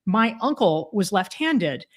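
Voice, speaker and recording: A woman in her forties speaking in a casual interview, animated and emphatic, with many fillers and restarts. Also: mid-range voice, takes it slowly. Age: 40s. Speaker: podcast guest, author.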